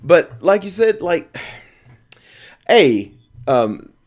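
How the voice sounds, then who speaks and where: A man's voice: a little high, very animated, very slow. Guy hosting a podcast, bouncy up-and-down voice, rambly and jokey. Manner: rambling, jokey, lots of ums. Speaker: podcast host. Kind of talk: casual podcast chat.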